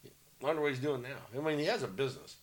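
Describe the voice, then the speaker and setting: An excitable man co-hosting a casual political podcast, laughing and swearing, over a faint hiss. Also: mid-range voice. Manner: excitable, laughs and swears, reads aloud haltingly. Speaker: podcast co-host.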